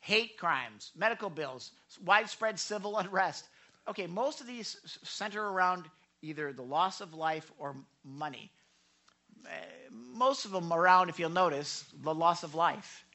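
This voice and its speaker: Male pastor, high bright voice, emphatic sermon, shifts from loud to hushed. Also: expressive, measured pace.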